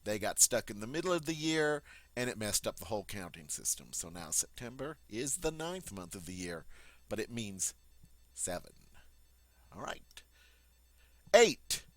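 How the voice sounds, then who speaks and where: Slow, deliberate male French teacher. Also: on the low side, sing-song. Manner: repeats each word slowly and clearly. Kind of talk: pronunciation lesson.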